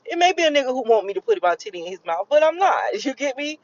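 A woman's voice: high voice, very animated, fast talker. A woman delivers a loose, swearing monologue, circling back over the same points as she explains the energy she is picking up. Her delivery is emphatic and conversational. The recording is slightly dull and lo-fi. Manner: rambling, emphatic and profane, with repetitions. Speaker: vlogger giving a spiritual channeling reading. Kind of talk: casual spoken monologue.

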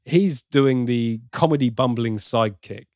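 A man's voice: mid-range voice, unhurried, no echo, studio quality. A man giving an opinionated, casual film review as host, now and then mimicking for laughs. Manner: opinionated, playful mimicry of accents.

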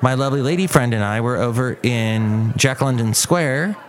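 A man's voice: mid-range voice, normal speed. A man hosting a podcast as a loose, comic solo monologue, wandering off on tangents and joking at his own expense. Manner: rambling, self-mocking asides. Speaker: podcast host. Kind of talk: casual comedic monologue.

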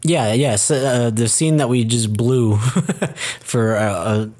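A man's voice: mid-range voice, slow pace. Laid-back man with hesitant fillers. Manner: relaxed, hesitant, with "uh" fillers and laughs. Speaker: podcast co-host reviewing a film. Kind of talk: casual chat.

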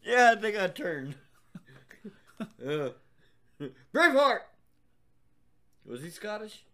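A man's voice: high voice, sing-song, takes it slowly, fairly bright tone. A man co-hosting a podcast, talking crudely with lots of swearing and laughter. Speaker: podcast co-host. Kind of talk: casual chat.

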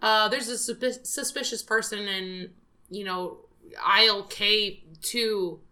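A woman chatting casually about working in retail, acting out customers in quick put-on voices. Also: mid-range voice, fairly even intonation, bright, forceful tone.

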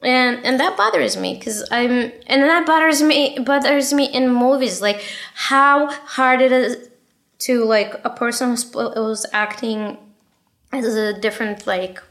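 A young woman in a casual interview, talking quickly and bluntly about her own story, swearing freely and filling her talk with "like" and "right?". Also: fairly high pitch, fairly bright tone. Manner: fast, blunt and passionate, swears a lot; many fillers like "like" and "right?".

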